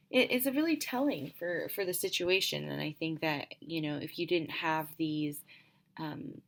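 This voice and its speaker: A woman's voice: deep voice, vocal fry, a bit bright. A young woman giving a casual class presentation as a student, hesitant and full of filler ums.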